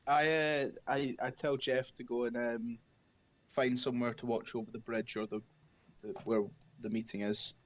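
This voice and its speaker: A young man playing a tabletop game over voice chat, speaking in a halting, measured way. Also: mid-range voice, flat delivery, slight background noise. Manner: hesitant, measured. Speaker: player.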